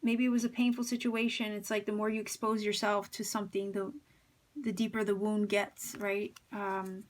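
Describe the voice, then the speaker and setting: A woman reading tarot cards for her viewers, speaking at a middle pitch. She has a slight lisp and muses her way through each card, pausing with fillers and restarting her sentences. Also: pushed and bright. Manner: musing, hesitant, many fillers and restarts. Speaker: tarot reader.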